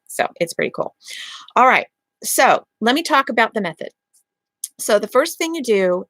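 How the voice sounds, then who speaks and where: A woman's voice: medium pitch, dry recording. A woman hosting a parenting advice channel, explaining a method step by step and often checking in with "okay?". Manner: acts out calm lines to a child in a gentle voice. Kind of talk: instructional talk to camera.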